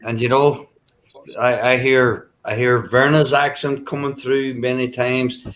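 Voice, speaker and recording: An Irish man with an Irish accent rambles through a casual group chat with friends, dropping "you know" again and again. His mid-range voice is level and fairly bright, and he keeps a measured pace.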